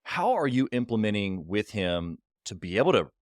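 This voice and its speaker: A man in his thirties with a very deep voice hosts a podcast interview. He is reflective and affirming, now and then growing animated. The recording is dry and close. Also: moderate pace, dry recording. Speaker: podcast host.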